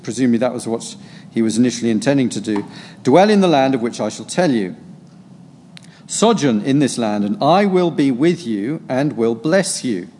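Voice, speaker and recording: A man with a medium-pitched, slightly mellow voice reads a Bible passage aloud while preparing a sermon, then muses on it, pausing between verses with hesitant fillers. The recording has long hall reverb and slight background noise.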